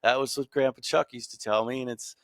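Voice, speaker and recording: A man's voice: medium pitch, fairly even intonation, fairly quick, no echo, studio quality. A man talking in a casual podcast conversation, emotional and rambling, calling the host "dude". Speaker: guest artist.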